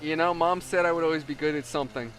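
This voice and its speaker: A man's voice: on the high side, fast talker, fairly bright tone, slight background noise. A man hosting a gaming video, telling a story in casual chat with lots of laughter and voiced quotes. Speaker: let's play host.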